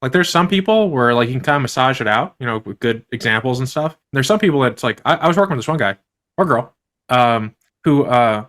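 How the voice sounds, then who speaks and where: A man's voice: mid-range voice, animated, fairly quick, a bit bright. A man who grew up on a farm, talking casually as a guest in a conversational interview, rambling with many fillers.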